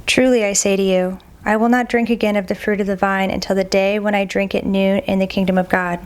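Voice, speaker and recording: Woman reading the bible out loud, steady and measured, trips on a tricky name now and then. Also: medium pitch, smooth. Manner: steady, measured reading, stumbles on and repeats hard names. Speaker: Bible reader. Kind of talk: scripture reading.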